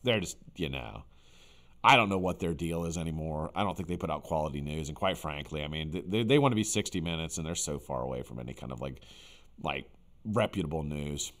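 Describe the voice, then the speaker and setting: Low-voiced, blunt, rambling man. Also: bright, forceful tone. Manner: rambling, blunt, with frequent fillers and swearing. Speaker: livestream host. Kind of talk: casual live-stream chat.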